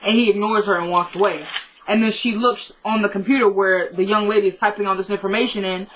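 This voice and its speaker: A woman's voice: medium pitch, fairly even intonation, fast talker, a little hiss or hum, poor audio. A woman casually recapping a TV episode, acting out the characters' lines and adding blunt asides. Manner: chatty retelling that acts out the characters' dialogue; blunt asides with mild swearing.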